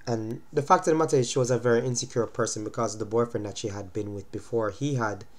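A man's voice: medium pitch, fairly even intonation, quick pace. A young man with a stuffy cold giving relationship advice in a casual vlog, lecturing and checking in with "you understand?". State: congested from a cold. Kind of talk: casual talking-to-camera monologue.

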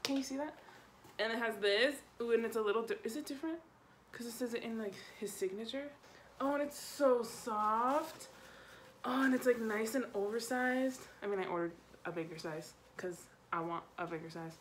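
A young woman chatting excitedly at home as she unboxes makeup, gasping and giggling as she goes. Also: a little high, normal speed, slight background noise. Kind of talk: excited casual unboxing chat. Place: home room.

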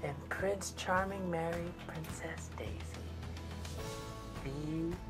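A man, a father, telling a child a whispered bedtime story in a hushed voice, acting out the characters. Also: a little high, slow pace, music in the background.

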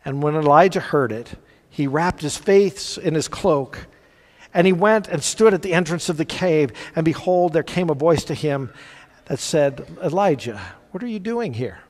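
A man preaching a sermon as pastor, earnest, swinging between loud emphasis and hushed quiet. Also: on the high side, expressive, normal speed. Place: church sanctuary. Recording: church hall reverb.

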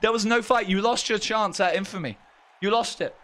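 Hoarse man hosting a live stream. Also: high-pitched, a little fast. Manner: excitable, shouts play-by-play. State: hoarse, voice worn out. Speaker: streamer and event host.

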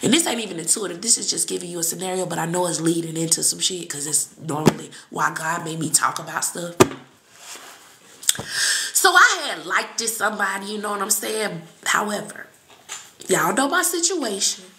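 Blunt, animated woman in an echoey room. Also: on the low side, moderate pace, vocal fry, very noisy. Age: adult with children. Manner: blunt, profane, animated, with sudden shouts and laughs. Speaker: psychic reader on a live stream. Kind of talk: casual live-stream talk.

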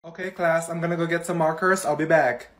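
A man's voice: fairly high pitch, steady tone, a little fast, background noise, close to an everyday voice. A man voicing a stern female schoolteacher who scolds her class with sarcasm in a comedy skit. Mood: scolding.

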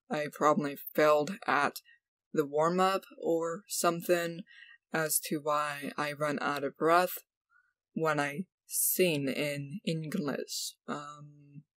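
Slow, hesitant vlogger in a dry room. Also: mid-range voice, fairly bright tone, dry recording, rough recording. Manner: hesitant, stumbling restarts. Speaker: channel host. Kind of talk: casual vlog talk.

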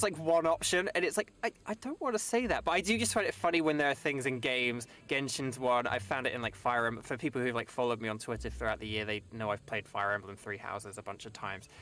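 A man's voice: mid-range voice, a bit bright. Rambling British man chatting. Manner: rambling, hedging, lots of likes and kind-ofs. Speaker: guest voice actor. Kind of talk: casual chat on a game stream.

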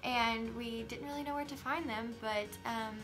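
A woman's voice: a little high, fairly even intonation, normal speed, over music. A woman co-hosting a casual candy tasting vlog, talking in a chatty, loose way full of "like" and "um". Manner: chatty, filler-heavy with "like" and "um". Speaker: vlog co-host, daughter. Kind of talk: casual chat.

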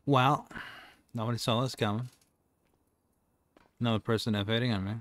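A young man playing a police officer in an online game role-play, talking calmly and coaxingly with dry jokes. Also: on the low side, brisk. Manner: calm, coaxing, dryly joking.

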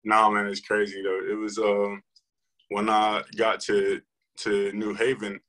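A man's voice: on the low side, monotone, unhurried, a bit bright, rough recording. A young man, a football player, telling his story in a casual interview, rambling with many fillers and restarts.

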